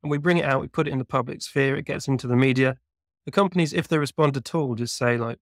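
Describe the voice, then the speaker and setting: A man's voice: medium pitch, quick pace, dry recording, studio quality. A man being interviewed as a researcher, explaining at length in a thoughtful, conversational way with lots of small hedges. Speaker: guest researcher.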